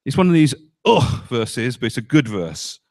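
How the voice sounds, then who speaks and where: A male pastor preaching a sermon, emphatic, often dropping low on key words and asking the congregation rhetorical questions. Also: sing-song, moderate pace, darkish tone.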